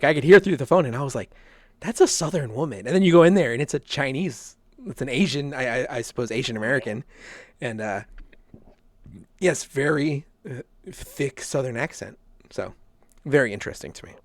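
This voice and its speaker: A man's voice: mid-range voice, no room sound. A man hosting a casual podcast chat, laughing often and repeating his words with plenty of fillers. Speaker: podcast host.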